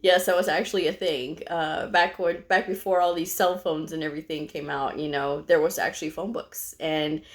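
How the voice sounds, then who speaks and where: A woman's voice: deep voice, steady tone, moderate pace, few pauses. A middle-aged woman from Texas who vlogs about medical coding, telling a personal story to camera in a chatty way, full of "you know" and small fillers. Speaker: medical coder vlogger.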